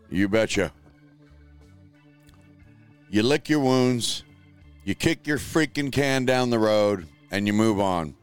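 A man's voice: fairly low pitch, slow, pauses often, clear, resonant tone, soft background music. A middle-aged man hosting a show from a spare room at home, talking in a blunt, rambling, profane way. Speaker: show host. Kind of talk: casual livestream talk.

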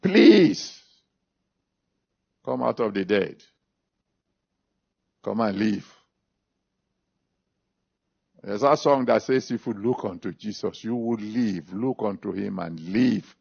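A man's voice: vocal fry, a little mellow, husky. A man preaching a sermon, reading scripture, then making an altar call and praying. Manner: emphatic preaching with big pitch swings, slow drawn-out phrases. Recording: dull lo-fi recording.

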